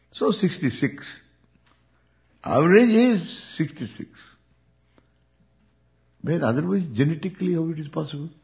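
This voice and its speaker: A man with an Indian accent, a spiritual teacher giving an unhurried Vedanta discourse, chuckling often as he speaks. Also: on the high side. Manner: unhurried, chuckling, lively intonation. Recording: dull lo-fi recording.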